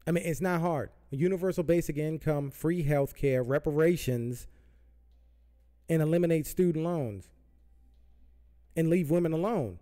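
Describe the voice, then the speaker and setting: A Southern California podcast host goes on a heated political rant, full of profanity and repetition. His voice sits on the high side, moving at a normal speed with long pauses and a mellow sound.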